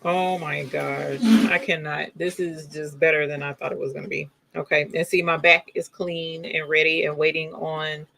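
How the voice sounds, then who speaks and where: A woman's voice: low voice, flat delivery, normal speed, gravelly, hardly any pauses, pushed and bright, slight background noise. A woman hosting a crafting livestream, chatting casually and gushing to her viewers. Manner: gushing, addresses viewers as y'all. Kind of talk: casual live demo chat.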